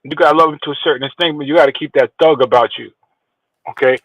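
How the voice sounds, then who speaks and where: A man's voice: on the high side, fast, fairly bright tone, dry recording, lo-fi sound. A man chatting casually, brash and profane, boasting as he tells stories. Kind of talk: crude casual chat.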